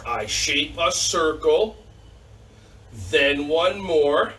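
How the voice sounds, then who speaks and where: A man's voice: fairly high pitch, drawn-out words, bright, forceful tone. A man leading a children's yoga class, giving playful, upbeat instructions and making silly animal sounds, recorded on a distant camera mic. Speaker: kids' yoga teacher. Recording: distant mic, faint background noise.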